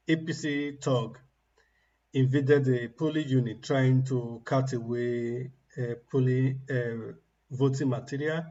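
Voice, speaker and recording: A man's voice: medium pitch, a little mellow, highs cut off. A man giving mocking, ranting political commentary on a livestream, laughing at the people he criticizes.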